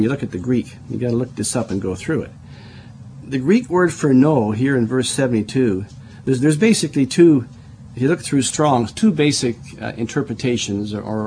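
A man's voice: mid-range voice, expressive, moderate pace, warm tone, slight background noise. A middle-aged man preaching a Bible study sermon, explaining verse by verse, spelling out words and often repeating himself as he restarts.

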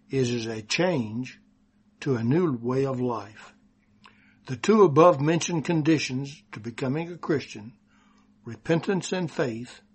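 Texan male preacher, unhurried, deliberate scripture reading, husky delivery. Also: mid-range voice. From Texas. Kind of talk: sermon.

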